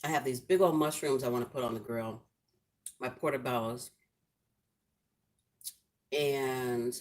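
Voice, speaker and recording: A middle-aged woman hosting a casual home cooking livestream, chatting affectionately with viewers in the comments. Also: very deep voice. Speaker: cooking channel host. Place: home, lit by a ring light.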